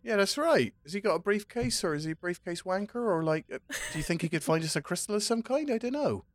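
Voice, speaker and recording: A man's voice: sits high, animated, fast talker, dry recording, clean studio sound. A man playing in a tabletop game, who teases the others cheekily in character. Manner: cheeky, teasing. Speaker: player.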